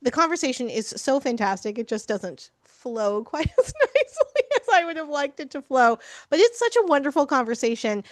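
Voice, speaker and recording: Bubbly woman podcast host, fairly high voice, dry close sound. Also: no echo. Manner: bubbly, laughs often. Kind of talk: casual interview.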